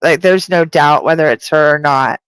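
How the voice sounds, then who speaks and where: A woman's voice: low voice, moderate pace, smooth, no room sound, low-quality recording. Chatty woman doing a psychic reading. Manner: chatty and rambling, full of "like". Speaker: psychic medium. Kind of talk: live-streamed spirit reading.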